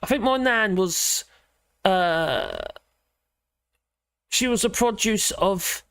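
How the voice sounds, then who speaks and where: A man's voice: sits high, lively intonation, slow pace, a bit bright, clean tone, no room sound, studio quality. A man hosting a casual livestream, chatting and rambling through viewer comments in an opinionated way from home. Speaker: livestream host.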